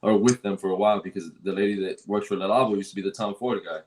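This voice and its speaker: A man's voice: fairly low pitch, rapid-fire, darkish tone, slight background noise, poor audio. A man telling a workplace story in casual chat, rambling with many fillers and restarts and swearing freely. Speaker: fragrance store worker.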